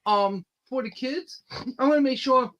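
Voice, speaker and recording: A man with a high, bright voice talks about his own comic book in a loose podcast conversation. He rambles eagerly, with plenty of ums and restarts, his tone ringing and forward. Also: normal speed, highs cut off. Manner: eager, rambling storytelling with many fillers. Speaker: independent comic book creator, guest. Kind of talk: casual podcast chat.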